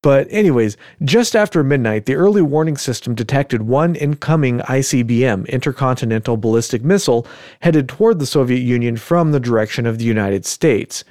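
A man's voice: medium pitch, animated, brisk, darkish tone, dry recording, clean studio sound. Man telling a story with jokes. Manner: joking, chuckles often, conversational asides. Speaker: podcast host. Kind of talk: casual storytelling chat.

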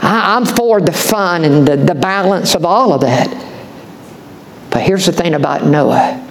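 A man's voice: high voice, lively intonation, a little slow, gravelly, low-quality recording. A man preaching a sermon as pastor, impassioned, folksy and repetitive.

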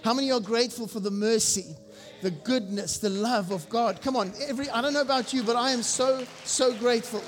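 A senior pastor preaching a sermon, exhorting the congregation and asking them questions. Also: male voice, very high-pitched, a little fast. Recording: long reverb with faint music.

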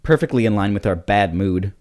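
A man co-hosting a casual comedy podcast, teasing his partner in a dry, deadpan way. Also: on the low side, a little fast. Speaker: podcast co-host.

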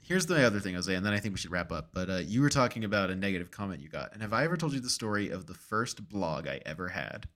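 Young male co-host, low-pitched, rambling storyteller, deadpan humor. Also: quick pace, hardly any pauses. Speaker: podcast co-host. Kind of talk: casual chat.

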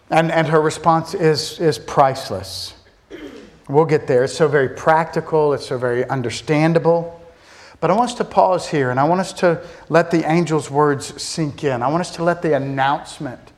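A man preaching a sermon to his congregation, asking rhetorical questions, voicing their doubts, and slowing to drop soft on key words. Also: fairly high pitch. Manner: slows and drops soft on key words for emphasis. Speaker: pastor.

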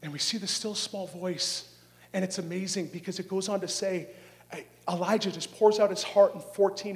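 A middle-aged man preaches a charismatic sermon in a high voice. He drops to a hush on some words and rises to shouting on others, stretching phrases out slowly. He keeps asking the crowd questions. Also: fairly even intonation. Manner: dynamic, swings from hushed to shouting.

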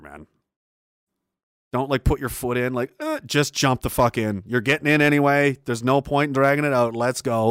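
A man's voice: medium pitch, moderate pace, a bit bright, clean tone, dry recording, clean studio sound. A man from Canada hosting a livestream, reading chat messages aloud in a profane, rambling and emphatic way. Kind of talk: casual livestream rant.

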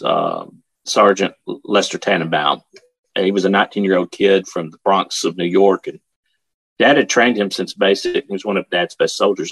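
A man tells a story in an earnest, emphatic way, stopping and repeating himself as he goes. His voice sits very low and has a husky edge. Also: a bit bright. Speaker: speaker telling his father's war story. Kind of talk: storytelling talk.

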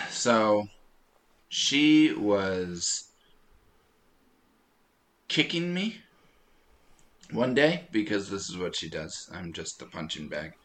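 A man co-hosting a podcast in casual chat, telling animated stories and laughing often. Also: fairly low pitch, very slow, pauses often. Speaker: podcast co-host.

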